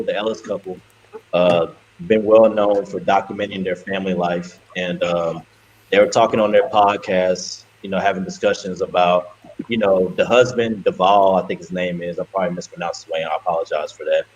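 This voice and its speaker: A man's voice: low-pitched, fairly even intonation, moderate pace, highs cut off, a little hiss or hum. A man on a casual talk show introducing a topic hesitantly, full of "you know" and "uh". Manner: hesitant, lots of fillers. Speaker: show co-host.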